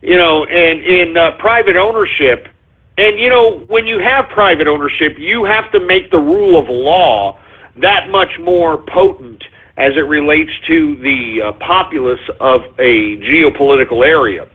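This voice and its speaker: A man hosting a call-in radio show with a fairly high voice. He rambles, circling back with fillers and restarts, and the sound is thin and phone-like. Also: unhurried, breathy edge.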